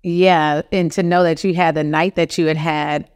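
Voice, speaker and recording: A man's voice: a little high, little pitch movement, normal speed, smooth. A man hosting an interview podcast, affirming his guest with short reactions and admiring comments. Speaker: podcast host.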